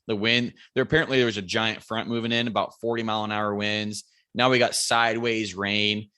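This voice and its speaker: A man with a bright, forceful voice tells a hunting story as a podcast guest, animated and loose-tongued. He swears freely and pitches up to act out friends yelling across a mountainside. The sound is dry and close, with no room around it. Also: brisk, clear, resonant tone, no echo. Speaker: podcast guest, bow hunter. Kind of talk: casual hunting story telling.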